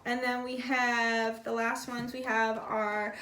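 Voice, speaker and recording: A fairly high-voiced woman talks her way through a casual tarot reading in a loose, blunt way, cursing without a second thought. Her voice bounces around an echoey room. She sits a little back from the mic. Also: little pitch movement, slow, hardly any pauses, pushed and bright, distant mic, a little hiss or hum. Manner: chatty and blunt, swears freely, many fillers like "like". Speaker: tarot reader.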